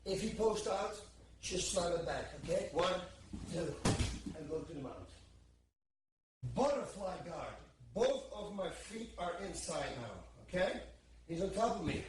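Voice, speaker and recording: Grappling instructor, male, highish voice, counts moves aloud, recorded from across a reverberant training room. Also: animated, measured pace, background noise. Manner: counts moves aloud while demonstrating holds. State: strained under pressure at times. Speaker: martial arts instructor. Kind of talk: instructional demonstration. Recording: echoey room, distant mic, faint background.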